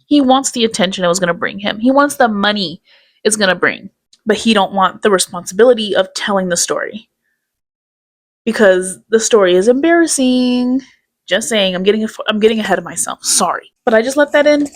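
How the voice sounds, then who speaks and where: A woman's voice: mid-range voice, animated, brisk, dry recording. A woman hosting a commentary channel, speaking in a blunt, critical, casual way. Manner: blunt, critical, talks ahead of herself.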